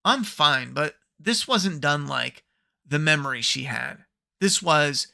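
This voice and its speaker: Brief: male reviewer, sarcastic and profane, slightly high, gravelly. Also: expressive, unhurried, pushed and bright. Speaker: podcast host. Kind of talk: ranting TV review.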